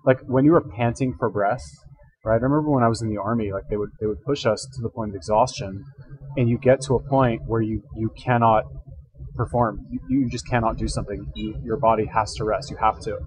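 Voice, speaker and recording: A man's voice: on the low side, steady tone, a little fast, darkish tone, a little hiss or hum, low-quality recording. A man hosting a reaction video, thinking aloud in casual commentary, rambling and correcting himself as he goes, speaking into a headset.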